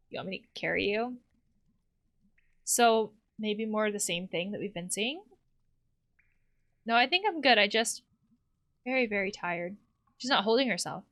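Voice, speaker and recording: A woman narrates a video game as she plays it, reading each character's lines aloud. Her voice sits a little high and sounds bright and clear. Her pitch rises and falls a great deal from line to line. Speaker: let's play host.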